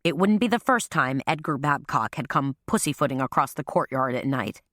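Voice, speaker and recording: A woman narrates a mystery audiobook with a deep, low voice. Her even storytelling is recorded close on a studio mic in a dry, deadened space. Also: brisk, no room sound. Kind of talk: scripted narration.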